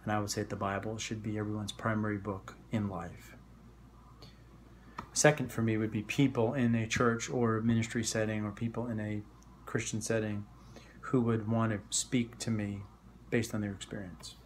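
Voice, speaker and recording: A man's voice: lowish voice, level tone, normal speed, slight background noise. A man with a New York accent giving an informal devotional message, talking in a conversational, reflective way with asides and rhetorical questions. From New York area. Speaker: Christian speaker.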